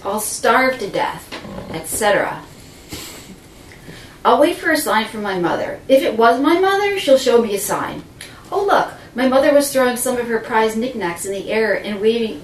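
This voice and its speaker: A woman's voice: on the high side, a little hiss or hum. Theatrical woman telling a story, roomy. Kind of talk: dramatic first-person storytelling. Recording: roomy, distant mic with faint ambience.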